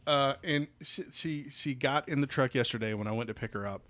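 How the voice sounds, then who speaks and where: A man co-hosts a podcast on a studio microphone, his mid-range voice brisk and fairly bright with no room sound. In casual chat he rambles with plenty of fillers and jokes about his kid.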